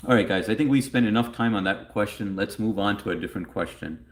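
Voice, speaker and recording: A man with a notably deep, low-pitched voice hosts a casual livestream. He chats loosely and rambles, reading viewers' messages aloud and answering them as he goes. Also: fast talker. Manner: rambling, chatty, reads chat messages aloud. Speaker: livestream host answering chat.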